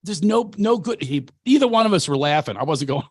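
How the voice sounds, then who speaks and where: A comedian speaking to an audience of actors, telling stories in an animated way, often acting out what people said and laughing at himself. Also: male voice, on the high side, a little fast, few pauses, husky, dry recording, studio quality. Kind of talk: storytelling talk.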